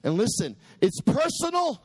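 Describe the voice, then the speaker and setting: High, animated preaching man. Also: moderate pace, breathy edge, no room sound. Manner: preaching with soaring pitch and sudden shouted peaks; quotes scripture in dramatic voices. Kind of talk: sermon.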